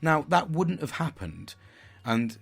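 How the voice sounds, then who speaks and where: A man's voice: fairly high pitch, sing-song, slow pace, gravelly, breathy edge. A middle-aged man giving a candid vlog monologue, blunt and frank, with heavy swearing. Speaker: vlogger.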